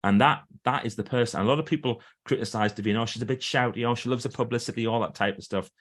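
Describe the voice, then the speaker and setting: A man's voice: mid-range voice, quick pace. A middle-aged man, a guest author and trainer, telling stories in a podcast interview and acting out what others said. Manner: animated storyteller who acts out quoted speech.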